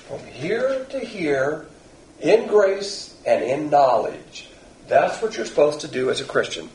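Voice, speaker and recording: A man's voice: fairly high pitch, creaky. A man preaching a sermon as a Bible teacher. He talks bluntly and with emphasis, firing off rhetorical questions. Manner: pointed, confrontational preaching.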